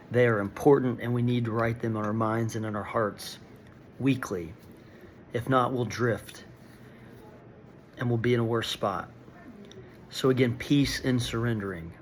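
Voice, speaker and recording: Gravelly-voiced man giving a devotional. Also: medium pitch, slight background noise. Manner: earnest, reflective, reads scripture aloud. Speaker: devotional speaker. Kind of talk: daily devotional talk.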